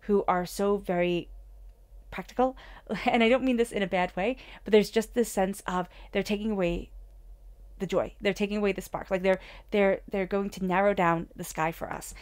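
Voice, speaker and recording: A woman doing a tarot reading in a soft, soothing, upbeat manner. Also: medium pitch, steady tone, normal speed, clear, resonant tone. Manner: soft, soothing and upbeat, with whispered meditation passages. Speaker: tarot reader.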